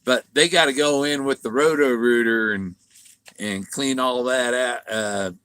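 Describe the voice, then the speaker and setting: A man's voice: mid-range voice, measured pace, fairly bright tone, clean tone, no room sound. A man rambling through a casual monologue, stumbling and repeating words, sometimes mimicking other voices. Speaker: vlogger.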